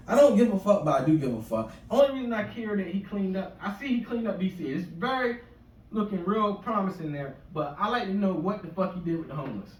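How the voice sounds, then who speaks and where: A man in his forties from the US East Coast shore rambles through a profane stand-up set, his pitch swinging widely as he goes. His voice sounds roomy and echoing, picked up from some way off the mic, with a faint hiss of background noise. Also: a little mellow. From US East Coast shore area. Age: 40s. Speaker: stand-up comedian. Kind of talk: stand-up comedy rant. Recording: echoey room, mic from a distance, faint noise.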